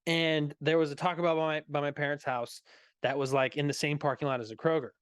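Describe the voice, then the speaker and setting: A man's voice: fairly high pitch, level tone, fast, a bit bright, clear, resonant tone, dry recording, clean studio sound. A man in his thirties co-hosting a movie stream, telling a story in casual chat with profanity and frequent laughter. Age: 30s. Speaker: co-host.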